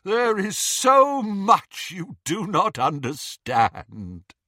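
A man voicing a thin, frail old man who speaks slowly and defiantly in an audiobook. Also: high-pitched, wildly swooping pitch, bright, forceful tone, no echo, studio quality, voice pushed up, heavily acted. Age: older.

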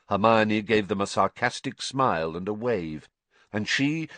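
A man narrating a story in an expressive, measured way. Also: low-pitched, no room sound. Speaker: audiobook narrator.

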